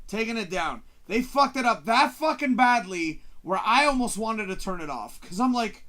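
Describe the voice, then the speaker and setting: A man hosting a casual live-stream chat, talking through a movie he watched. His voice sits high for a man and swings widely in pitch. He is excitable and swears freely, acting out his own reactions as he goes. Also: normal speed, few pauses. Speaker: host.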